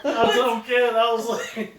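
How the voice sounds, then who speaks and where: A man's voice: extremely high pitch, completely flat delivery, moderate pace. A man, telling a rambling family story and laughing all the way through. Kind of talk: casual storytelling among family. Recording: roomy, from far off, loud crowd around.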